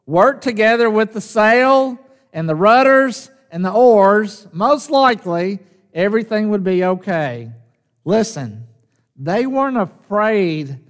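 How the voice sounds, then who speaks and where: A pastor preaching a sermon, speaking slowly and emphatically and often asking his congregation rhetorical questions. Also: a little high. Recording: long reverb of a church hall.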